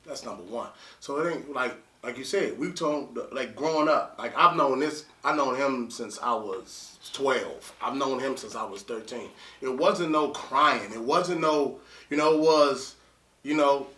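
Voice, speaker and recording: A man hosting a casual group discussion, animated and repeating himself to hold the floor. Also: mid-range voice, measured pace. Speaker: host. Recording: roomy echo, mic far off.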